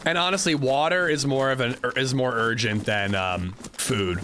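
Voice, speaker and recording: Male streamer, young adult, easygoing chatter, mid-pitched voice, noisy audio. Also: normal speed. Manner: relaxed, chatty, reads chat aloud. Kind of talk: casual gameplay chat with viewers.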